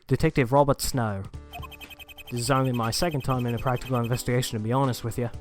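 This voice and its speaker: A man's voice: medium pitch, fairly even intonation, fast, soft background music, close to an everyday voice. A man voicing a brash, sarcastic male police detective with a put-on Australian accent, rambling as he talks.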